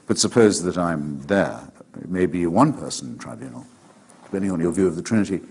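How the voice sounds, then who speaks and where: A man answering questions in a sardonic, deliberate way with precise wording. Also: low-pitched, expressive, darkish tone, husky.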